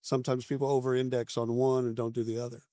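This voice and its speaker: A man hosting a casual interview at a conference, upbeat and encouraging, firing off quick follow-up questions. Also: medium pitch, little pitch movement, dark tone, no echo, clean studio sound. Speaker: podcast host. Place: conference venue.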